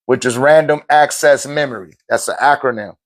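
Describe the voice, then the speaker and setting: A man in his thirties teaching spiritual ideas in a casual, animated lecture, laughing, swearing and telling stories. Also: medium pitch, moderate pace. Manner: animated, swings into loud shouted quotes; laughs often, swears, street slang.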